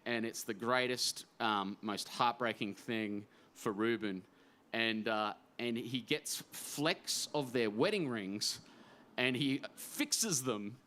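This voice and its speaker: A middle-aged man, an author telling a story on a festival stage, animated and emphatic, full of fillers and restarts. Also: medium pitch. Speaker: author guest at a writers festival.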